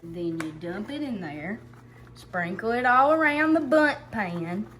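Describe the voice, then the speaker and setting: A woman's voice: medium pitch, animated, fairly bright tone. A woman helping with a casual home cooking video, playful and jokey as she explains each step. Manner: playful, jokey, slow-spoken. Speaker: cooking helper. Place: home kitchen.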